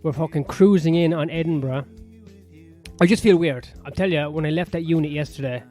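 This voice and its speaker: A man's voice: fairly high pitch, a little fast. A man with an Irish accent hosting his own podcast, rambling through a crude, sardonic comedic monologue full of swearing. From Ireland. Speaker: podcast host. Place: sauna-area home in west London. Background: soft piano music.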